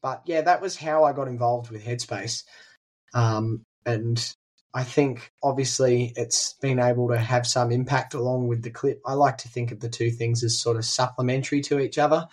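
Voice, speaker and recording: Teen aussie guy chatting on a podcast, keeps restarting sentences, average pitch. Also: fairly even intonation, moderate pace. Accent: Australian. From regional New South Wales, Australia. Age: teens. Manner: chatty, frequent ums and restarts. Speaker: guest musician. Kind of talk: casual interview chat.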